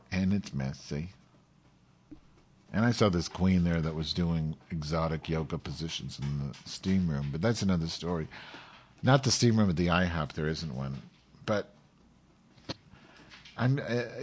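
A man hosting a casual chat, telling an animated story and acting out other people's voices. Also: deep voice, a little hiss or hum.

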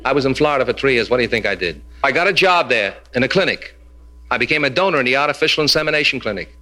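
A man's voice: mid-range voice, lively intonation, racing, bright, forceful tone, a little hiss or hum. A man performing a stand-up routine in a club, teasing the audience and dropping Yiddish punchlines in a brash manner. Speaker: stand-up comedian. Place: live club before an audience.

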